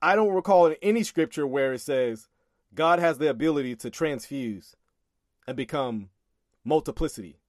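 A man's voice: on the high side, normal speed, dry recording, clean studio sound. A man casually commenting on a sermon clip, exasperated and emphatic, often laughing in disbelief.

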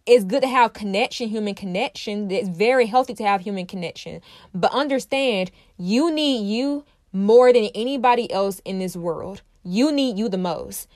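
A woman's voice: mid-range voice, expressive, normal speed, a little mellow, no echo. Earnest woman host, dry close sound. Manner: earnest, emphatic, repeats phrases, addresses listeners directly. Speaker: podcast host. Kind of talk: personal self-help monologue.

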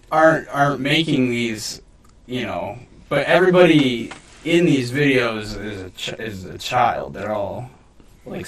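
A man chatting on a podcast, circling his point with restarts and filler words. His voice sits at an ordinary middle pitch, and he sounds set back a little from the microphone. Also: distant mic. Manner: rambling, hedging with lots of restarts. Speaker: podcast co-host. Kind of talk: casual chat. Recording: voice a bit off the mic.

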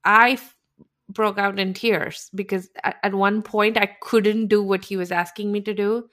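A woman from India, co-hosting a podcast and telling stories in animated, casual chat, often laughing as she talks. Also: medium pitch, normal speed. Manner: animated storytelling, laughs while talking. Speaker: podcast co-host.

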